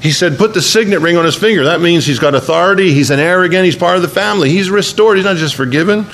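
A man's voice: on the high side, fast, hardly any pauses, a bit bright, a little hiss or hum. Man preaching a storytelling sermon. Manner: storytelling preacher who repeats words. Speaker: pastor.

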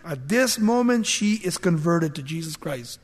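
A man delivers a sermon in a lively, high voice, acting out the people of a scripture story and laughing along the way. His voice rings with the long echo of a large hall. He swings between loud bursts and quiet asides. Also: normal speed, breathy edge. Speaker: preacher.

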